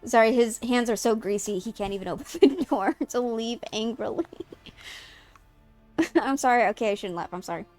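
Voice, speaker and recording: A woman streamer on a headset, reading game text aloud and reacting in an excitable, profane, giggly way. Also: on the high side, normal speed, faint music behind. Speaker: streamer playing a video game.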